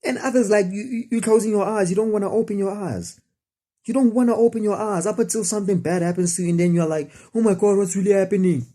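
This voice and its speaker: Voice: medium pitch, fast, warm tone. A spiritual speaker, preaching casually to camera in a rambling, repetitive way full of rhetorical questions. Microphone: camera facing the speaker.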